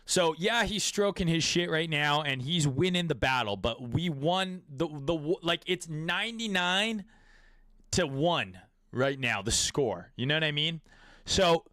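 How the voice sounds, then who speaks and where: Male crypto host, raised pitch, dry close sound, crude riffing delivery. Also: expressive, measured pace, sharp tone, no room sound. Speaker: crypto trading commentator. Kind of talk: casual market commentary.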